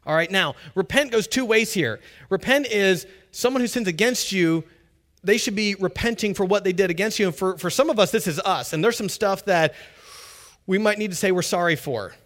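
A man preaching a sermon as pastor, conversational and animated, acting out little quotes. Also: high-pitched, moderate pace.

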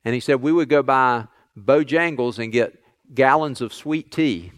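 Earnest pastor, smooth voice. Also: male voice, mid-range voice, measured pace, no echo. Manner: storytelling, earnest, retelling others' words. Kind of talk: sermon.

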